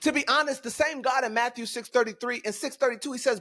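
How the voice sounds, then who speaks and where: A man's voice: very high voice, fast talker, sharp tone. A man co-hosting a faith podcast, talking in a fervent, preachy way and repeating phrases for emphasis. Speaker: podcast co-host. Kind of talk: casual faith podcast talk.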